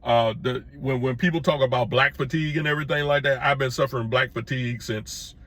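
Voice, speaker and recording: A middle-aged commentary vlogger gives his viewers an opinion piece, plain-spoken and emphatic, repeating his points and pushing his pitch up whenever he presses one. His voice is steady, a bit bright, and fairly quick.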